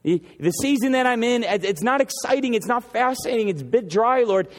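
A man preaching an impassioned sermon as pastor, driving his points home with repeated phrases and slowing down for emphasis. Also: very high voice, animated, in a large hall.

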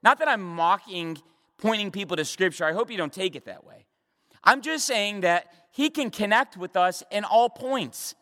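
A man's voice: sits high, animated, normal speed, a bit bright. A man preaching a midweek Bible study sermon as a pastor, with emphatic repetitions and rhetorical questions. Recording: long hall reverb.

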